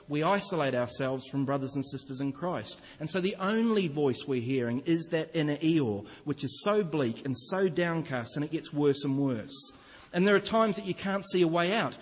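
A man's voice: a little high, breathy edge. A man preaching a sermon as pastor, earnest and explanatory, often asking the congregation questions. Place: church. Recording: reverberant church hall, dull lo-fi sound.

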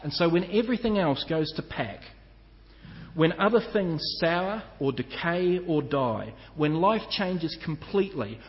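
Male pastor, earnest and measured sermon delivery, muffled sound in a reverberant church hall. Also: fairly high pitch. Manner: earnest, measured preaching with slow emphatic lists.

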